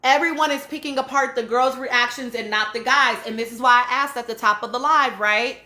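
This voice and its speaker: A woman running a live stream reads and responds to chat in a casual, emphatic way, repeatedly asking "right?" as she goes. Her voice is a little high and a little fast with a sharp tone, and the sound is roomy.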